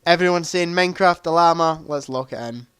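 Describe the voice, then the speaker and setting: A man's voice: a little high, brisk, fairly bright tone, clean tone, no echo, studio quality. A young man hosting a casual livestream quiz, chatty, reading out answer options and adding joking asides. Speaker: livestream host.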